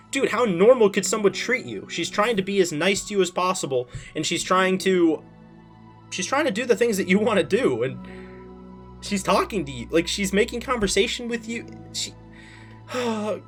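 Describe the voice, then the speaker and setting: A man's voice: high voice, a bit bright. Exasperated man reacting to a game. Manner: exasperated, outbursts of annoyance. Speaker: gaming channel host. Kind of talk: reacting while reading a game aloud.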